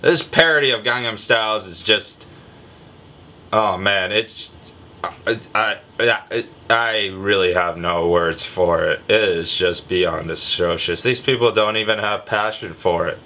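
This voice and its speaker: Sarcastic vlog guy doing joke news, lowish voice, kinda sharp, lazy drawl. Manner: sarcastic, irreverent; deliberately low, lazy delivery. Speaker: vlog host.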